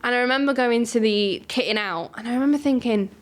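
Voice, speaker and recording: A woman's voice: a little high, fast. A young woman from Wales, a para table tennis player chatting as an interview guest, telling stories with quoted asides. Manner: chatty, animated storytelling with acted-out quotes. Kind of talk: casual interview chat.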